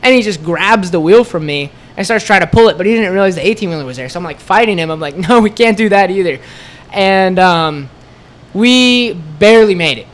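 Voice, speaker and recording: In a high voice moving a little fast, a man who co-owns a store tells a podcast audience about a road trip. He animatedly plays out each person's quotes in casual chat, relying heavily on "like."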